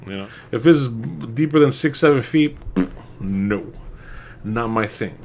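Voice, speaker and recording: A man's voice: mid-range voice, expressive, slow, creaky, a little mellow, slight background noise. A young man casually reviewing a movie, rambling with frequent laughs, swearing and mocking asides.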